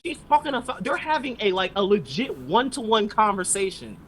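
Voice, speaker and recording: Higher-pitched man ranting on a podcast. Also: very animated, brisk, a bit bright, slight background noise, low-quality recording. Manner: heated, sarcastic, swears constantly. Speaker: podcast co-host. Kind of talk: profane ranting anime recap.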